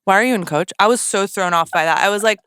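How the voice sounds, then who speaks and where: A woman's voice: mid-range voice, quick pace, a bit bright, clean tone, dry recording, clean studio sound. A woman guest on a podcast, chatting casually in a blunt, dramatic way and swearing for emphasis. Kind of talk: casual chat.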